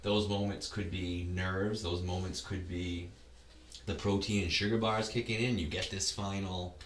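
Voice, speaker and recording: A man's voice: low voice, little pitch movement, unhurried, a bit bright, echoey room, far from the mic, a little hiss or hum. A man talking as a podcast guest in casual conversation, rambling and often restarting his words. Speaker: podcast guest, ultra race runner.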